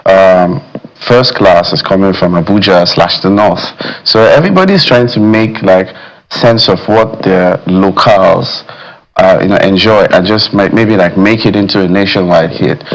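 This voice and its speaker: Measured male music critic, lowish voice. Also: rough recording. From Nigeria. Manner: measured, thoughtful, with many "you know" fillers. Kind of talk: studio discussion.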